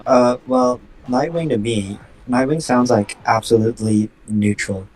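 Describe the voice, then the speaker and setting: A man's voice: mid-range voice, a little slow, a little mellow, recorded from a distance, soft background music, rough recording. A man chatting on a live stream as a moderator. He rambles and tells his stories full of fillers. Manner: rambling, filler-heavy storytelling. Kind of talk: casual live-stream chat.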